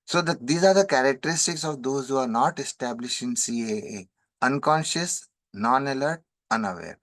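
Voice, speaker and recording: Man, spiritual teacher, quick chanted verses, steady explaining, dry close sound. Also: mid-range voice, dry recording. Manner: chants verses rapidly, then explains in measured English. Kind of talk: scripture commentary.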